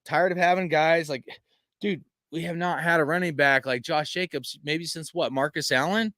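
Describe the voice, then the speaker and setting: A fan channel host, tired after a long day, reads chat while venting in a frustrated, profane rant packed with fillers. His slightly high voice is bright and forceful, holding a steady tone at normal speed. The sound is studio quality with no room sound.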